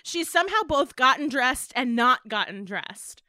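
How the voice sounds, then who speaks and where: A young woman, her voice bright and a little high. She giggles as she recaps a TV episode, slipping into the characters' voices, and the recording is close and dry. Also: lively intonation, no echo. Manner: giggly, fast, acts out characters' lines in quotes. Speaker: podcast co-host. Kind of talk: casual chat recapping a TV episode.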